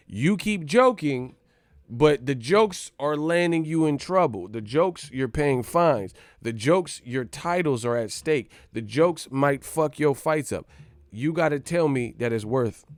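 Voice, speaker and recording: A man hosting a boxing channel, giving brash, animated commentary full of swearing. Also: mid-range voice, smooth, no room sound, studio quality. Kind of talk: casual profane commentary.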